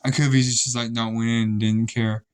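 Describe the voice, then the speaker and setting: A man's voice: mid-range voice, level tone, quick pace, clear, resonant tone. A young man casually telling rambling, profane stories about his old job, with many restarts. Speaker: vlogger. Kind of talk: casual storytelling.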